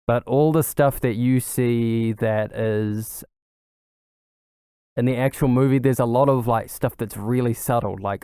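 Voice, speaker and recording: A young man chats on his own, eager and rambling, looping back through fillers and restarts. His voice is smooth and clear, recorded close and dry with no room sound around it. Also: medium pitch, steady tone, measured pace, mellow, no room sound. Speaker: podcast host. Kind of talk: casual solo chat.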